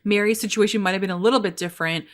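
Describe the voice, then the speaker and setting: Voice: mid-range voice, fairly even intonation, very fast, a bit bright. A podcast co-host chatting casually about a TV episode, asking questions and using lots of fillers. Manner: chatty, questioning, uses "like" often. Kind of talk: casual TV recap chat.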